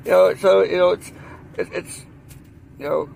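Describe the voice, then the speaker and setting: A man's voice: very high voice, animated, normal speed, creaky, a bit bright, slight background noise. A man with a Southern US accent in a heated, rambling monologue, repeating himself and leaning on fillers. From Southern United States. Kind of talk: ranting monologue.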